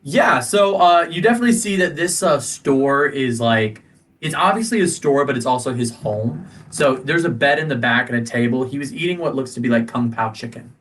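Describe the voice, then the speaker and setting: A man's voice: medium pitch, expressive, normal speed, fairly bright tone. A man narrating as game master, giggly and rambling, with many fillers.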